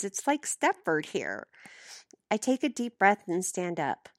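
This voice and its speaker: A woman's voice: on the low side, huge pitch swings, unhurried, no room sound, studio quality. A woman reading a first-person novel aloud as an audiobook, giving the dialogue light voicing. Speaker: audiobook reader.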